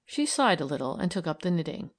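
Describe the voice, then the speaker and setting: Low-voiced woman reading a novel aloud. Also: big pitch swings, fast talker, breathy edge. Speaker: audiobook reader. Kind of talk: scripted narration.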